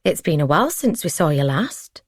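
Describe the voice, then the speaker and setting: A woman's voice: deep voice, very animated, a little fast, slightly rough, no echo, studio quality, heavily acted. Woman voicing a caring, earnest woman. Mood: lively. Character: caring young-adult woman, concerned.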